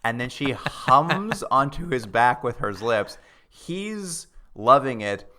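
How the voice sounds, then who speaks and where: A man's voice: mid-range voice, very animated, slow pace, bright, forceful tone, a little hiss or hum. A man co-hosting a podcast in casual chat, recapping plot and acting out quoted lines with laughter. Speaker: podcast co-host.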